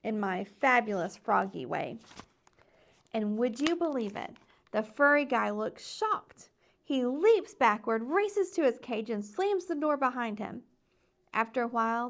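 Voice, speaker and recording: A woman teacher reading a children's novel aloud, expressive and playful as she tells the story. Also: a little high, a little slow, creaky. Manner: expressive storytelling with playful voiced sound effects.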